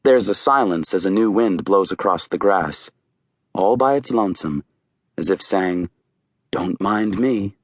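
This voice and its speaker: Low-voiced man narrating an audiobook. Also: expressive, moderate pace, dry recording. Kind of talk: scripted narration.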